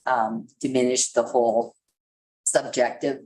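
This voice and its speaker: A woman's voice: extremely low pitch, a little slow, darkish tone, low-quality recording. A woman councillor in a council chamber, methodically going through a policy clause by clause while losing her voice. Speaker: city councillor. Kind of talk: council debate, reading out policy.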